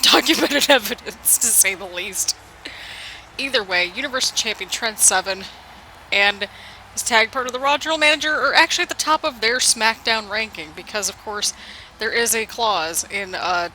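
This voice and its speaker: Bright-voiced woman doing rambling game commentary. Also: medium pitch, a little hiss or hum, rough recording. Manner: rambling and self-deprecating, jokes about her own slip-ups. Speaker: let's play commentator. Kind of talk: casual play-by-play commentary over a video game. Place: home apartment.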